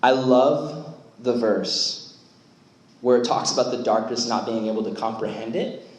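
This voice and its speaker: A young man preaching a youth sermon, animated and chatty, with many "like" fillers. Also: mid-range voice, a little slow. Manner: animated, filler-heavy talk with lots of "like". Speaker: youth pastor. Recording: roomy echo.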